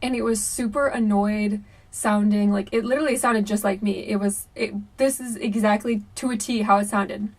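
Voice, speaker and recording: A young woman tells a spooky story from her own life straight to her viewers, chatty and animated, with plenty of "um"s and "like"s. Her voice sits at an ordinary middle pitch, and the mic is a little distant from her. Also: moderate pace. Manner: chatty, animated, many fillers like "um" and "like". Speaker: YouTuber. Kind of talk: casual storytelling to camera.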